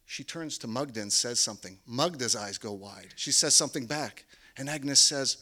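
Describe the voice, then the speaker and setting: A man recounts a personal story to an audience in a bright, forceful voice. His pitch sits in the middle range, and his delivery is wry and understated, landing the jokes with quiet timing. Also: lively intonation, normal speed. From Canada. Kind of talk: first-person stage storytelling.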